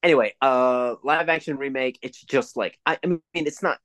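A man in his forties co-hosting a podcast, chatting casually and telling profane, animated stories. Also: medium pitch, normal speed, dry recording. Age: 40s. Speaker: podcast co-host. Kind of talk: casual chat.

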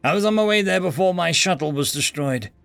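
Guy putting on a high exasperated stranded dude, sarcastic, voice flying all over, faint music behind. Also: animated, fairly quick, gravelly, full character voice. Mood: strained politeness. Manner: sarcastic, yelling in frustration. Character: exasperated stranded young human man.

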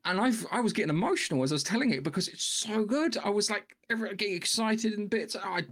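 Excitable man chatting on a podcast. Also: high voice, fast. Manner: excitable, swearing, many restarts. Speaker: podcast co-host. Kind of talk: casual podcast chat.

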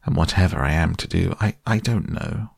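A man's voice: moderate pace, creaky, a little mellow, husky, no room sound, studio quality, full character voice. A man voicing Toad, a weepy disguised toad. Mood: pleading. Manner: tearful, pleading, high-pitched falsetto-ish. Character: boastful male toad disguised as a washerwoman. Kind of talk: audiobook character voice.

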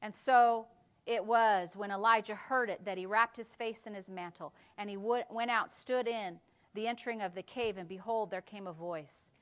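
A woman pastor preaching a sermon, dropping to a hush and then building to loud, fervent exhortation. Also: medium pitch, moderate pace.

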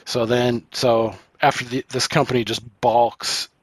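Profane, animated man telling a story. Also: mid-range voice, unhurried, no echo. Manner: profane, animated retelling with quoted exchanges. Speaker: podcast co-host. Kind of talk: casual storytelling chat.

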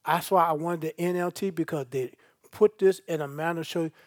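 A man's voice: on the high side, steady tone, fairly quick, a little mellow, no echo, clean studio sound. A male pastor, preaching a sermon and reading scripture aloud with asides to the congregation.

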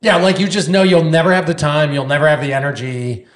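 A man's voice: a little high, fairly even intonation, quick pace. A man hosting a casual interview, upbeat as he runs questions and plugs his guests. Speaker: podcast host.

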